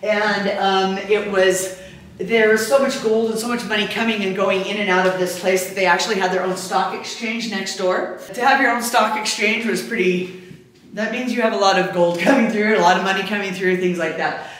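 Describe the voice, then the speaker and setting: A woman's voice: mid-range voice, fairly even intonation, moderate pace, a bit bright. A woman guiding a tour through an old hotel, chatting and telling stories with many fillers. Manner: chatty storyteller, many fillers, laughs easily. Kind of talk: casual guided tour talk. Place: inside an old abandoned hotel. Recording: echoey room, faint noise.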